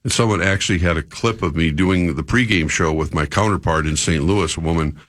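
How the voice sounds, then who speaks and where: An older man, a guest broadcaster on a sports radio show, telling a travel story in halting, rambling casual talk with many restarts. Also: low-pitched, fairly bright tone, no room sound, studio quality.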